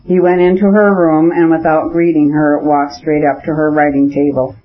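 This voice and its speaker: A man narrating a classic novel in measured, even storytelling. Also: on the high side. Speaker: audiobook narrator. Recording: dull lo-fi audiobook recording.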